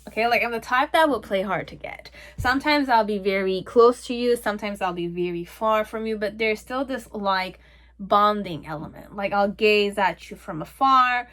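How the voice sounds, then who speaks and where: A young woman talks through a pick-a-card tarot reading in a loose, rambling way. Her voice sits at an ordinary middle pitch, and she keeps checking in with the listener as she goes. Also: fairly bright tone. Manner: rambling and chatty, with frequent "okay?" and "like". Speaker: tarot reader.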